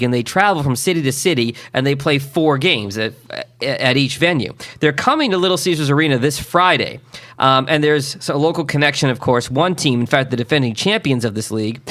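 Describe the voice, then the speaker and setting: A man's voice: mid-range voice, a bit bright. A man co-hosting a casual radio show, running through local sports events in an upbeat way. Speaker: co-host covering sports.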